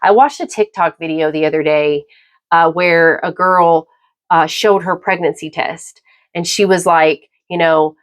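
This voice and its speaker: Emphatic middle-aged woman, lower voice. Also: steady tone. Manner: emphatic, halting with repeated restarts. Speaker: podcast host. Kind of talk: opinionated personal monologue.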